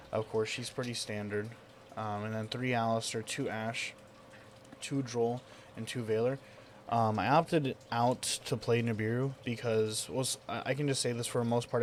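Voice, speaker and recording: A man's voice: mid-range voice, darkish tone, a little hiss or hum. A young man casually talking through a card game deck, enthusiastic and rambling with lots of fillers. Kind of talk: casual deck profile commentary.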